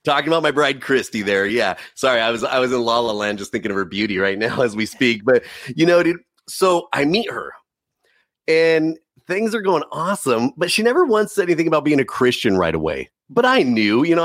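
A man's voice: mid-range voice, very animated, fairly quick, a bit bright, no room sound. Guy telling his testimony, earnest and chatty, says dude a lot, dry close sound. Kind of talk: casual storytelling.

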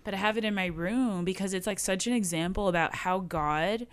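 A woman tells a story in casual chat, talking quickly and using a lot of "like". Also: medium pitch, clean tone. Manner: quick, filler-heavy talk with lots of "like".

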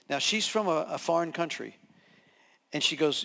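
High-voiced pastor in a reverberant hall. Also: male voice, a little fast, gravelly. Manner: animated, acts out scenes with voices. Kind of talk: sermon storytelling.

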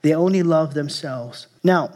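High-voiced male pastor preaching. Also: measured pace. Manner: repeats key phrases for emphasis, swings between loud and hushed; chuckles at his own slips. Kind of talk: sermon.

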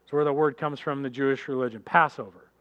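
A man preaching a sermon as pastor, animated and addressing the congregation directly, acting out characters in quick voices. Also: mid-range voice, muffled recording.

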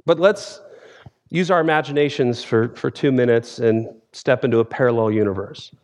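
A man in his forties, a theology professor preaching a sermon as guest speaker, telling stories in a lively way and acting out scenes. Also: mid-range voice, moderate pace. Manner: lively storytelling, acts out scenes.

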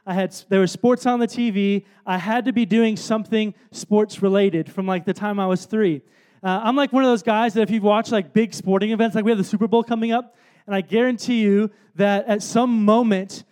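Chatty man preaching, high voice. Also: normal speed, darkish tone, clean tone. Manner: casual, rambling, self-deprecating with many fillers. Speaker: speaker at a worship event. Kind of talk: storytelling sermon.

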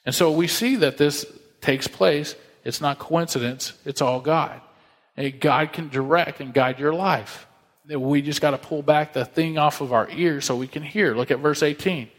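A man's voice: on the high side, moderate pace, fairly bright tone, in a large hall. A man preaching a sermon in a conversational, folksy, emphatic way, retelling scripture with asides.

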